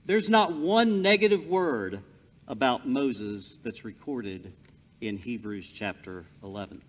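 A man preaching a sermon, telling stories with lively emphasis. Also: medium pitch, slow pace. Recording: long hall reverb.

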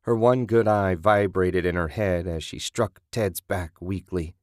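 A man narrating a graphic horror audiobook in a steady, scripted delivery. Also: sits low, unhurried, no room sound, clean studio sound.

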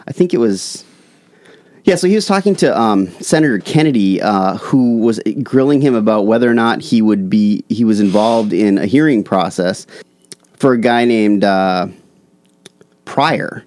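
A man's voice: fairly low pitch, expressive, normal speed, a little mellow, no echo. A man co-hosting a casual podcast chat who tells stories animatedly and laughs often. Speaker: podcast co-host.

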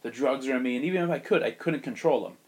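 A man doing a frightened adult scientist, nervous and begging. His voice stays soft and pleading, a frail plea in a retold story. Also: medium pitch, very fast, natural voice.

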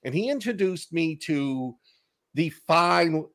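Boston guy on a video call, gravelly voice, jokey storyteller. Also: a little high, animated, slow pace, fairly bright tone. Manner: jokey storyteller, laughs at himself. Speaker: author and podcaster, guest. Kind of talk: casual interview chat. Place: home desk on a video call.

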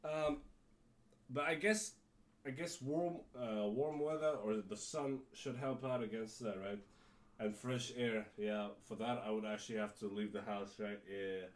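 A man's voice: medium pitch, fairly even intonation, unhurried. A man with a cold telling a rambling story on his podcast, full of fillers, restarts and casual swearing. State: has a cold. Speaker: podcast host.

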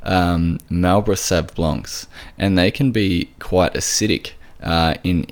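A man hosting a podcast interview, talking casually with frequent restarts and fillers. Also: low voice. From Australia. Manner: halting, many restarts and fillers, laughs often. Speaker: podcast host.

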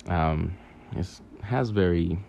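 A man telling a long dream story in a halting, rambling way, full of fillers, restarts and casual swearing. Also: low-pitched, creaky, darkish tone, muffled recording, a little hiss or hum. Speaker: podcaster recounting a dream.

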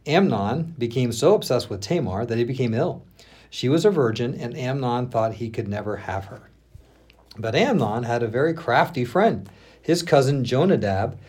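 A man, a pastor, reading a Bible passage aloud on a podcast, with lively expression, stopping now and then to check how a name is said. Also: medium pitch, moderate pace, breathy edge.

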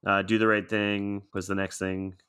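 A man's voice: on the low side, little pitch movement, normal speed, pushed and bright, smooth. A man on a casual movie podcast, reading out award facts in a matter-of-fact way. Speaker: podcast co-host.

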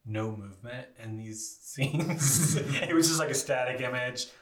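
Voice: mid-range voice, unhurried, echoey room. A co-host chatting casually, making dry, amused remarks. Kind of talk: casual chat.

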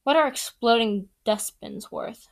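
A man's voice: very high-pitched, unhurried. A woman reading aloud, voicing a harried male wizard official who pleads urgently for a friend.

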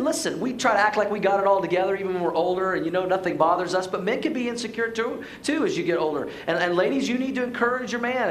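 A man's voice: high voice, a bit bright, echoey room, a little hiss or hum, low-quality recording. A man preaching a sermon as pastor to his church, playful and joking, then pressing his points with emphasis. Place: church sanctuary.

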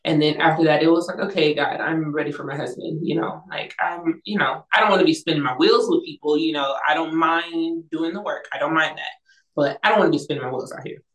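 Young adult woman, low register, lively storyteller. Recorded roomy and off-mic. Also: brisk, distant mic. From Northern California. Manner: animated storyteller, acts out quoted voices, laughs often. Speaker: interview guest, singer-songwriter. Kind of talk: casual storytelling interview.

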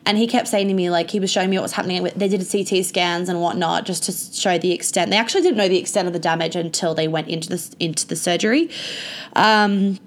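A woman's voice: on the low side, steady tone, quick pace. A young woman telling a personal story to her viewers in a casual, chatty way, full of "like" and frequent swearing. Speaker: vlogger.

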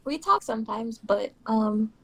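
A young woman chatting as a podcast guest, easygoing and quick to giggle. Her voice sits a touch high with a gravelly fry running through it. She trails off into fillers often. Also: expressive, crowd noise, rough recording. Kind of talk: casual podcast chat.

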